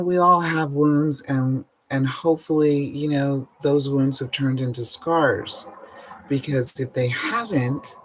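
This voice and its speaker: Husky middle-aged man, slow healer talk. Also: medium pitch, low-quality recording. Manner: slow, emotive, drawn-out and earnest. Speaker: energy healer. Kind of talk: spiritual self-help talk.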